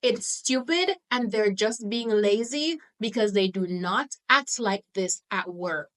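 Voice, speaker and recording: A woman's voice: mid-range voice, slow pace, a bit bright, rough recording. A woman ranting bluntly, exasperated. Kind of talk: opinion rant.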